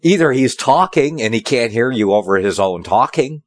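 A preacher putting on a loud taunting prophet. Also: male voice, medium pitch, lively intonation, normal speed, no room sound, studio quality, close to an everyday voice. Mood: mocking, loud. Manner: taunting, shouting upward. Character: mocking male biblical prophet taunting loudly.

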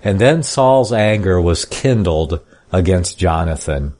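Low-voiced male Bible teacher; reads scripture, then comments in a folksy, plainspoken way. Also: expressive, slow, darkish tone. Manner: reads scripture in King James style then comments casually. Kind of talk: Bible study reading and commentary.

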